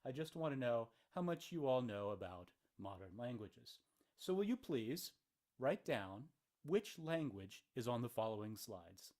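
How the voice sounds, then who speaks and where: A man's voice: medium pitch, very animated, a little slow, darkish tone. A man teaching an informal video lecture, recorded in a hotel room. He talks like a college professor who enjoys his subject, keeping the lesson chatty and dropping playful jokes along the way. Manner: playful, chatty, with joking asides.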